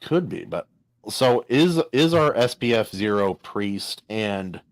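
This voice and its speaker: A man co-hosting a casual podcast about a comic, excitable, often jumping up in pitch and restarting his sentences. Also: takes it slowly, no room sound. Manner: excitable, jumps in with rising pitch, stumbles and restarts. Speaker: podcast co-host.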